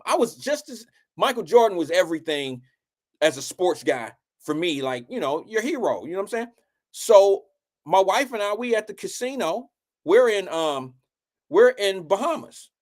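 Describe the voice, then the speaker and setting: Male host, high voice, casual storyteller, salty and animated delivery. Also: normal speed. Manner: loose, profane, animated storytelling with slang. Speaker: show host telling a story.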